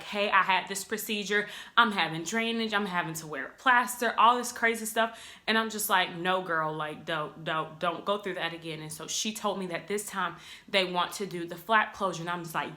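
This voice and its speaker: A young woman talks to her camera at home like she's catching up with friends, chatty and animated. Her voice has a bright, forward edge, and she slips into little acted-out quotes as she goes. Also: medium pitch. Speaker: vlogger. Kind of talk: casual storytelling to camera.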